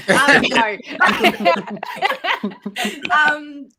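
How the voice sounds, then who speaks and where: A woman's voice: medium pitch, expressive, moderate pace, crowd noise. An Australian woman chatting casually as a livestream guest, blunt and joking, laughing often.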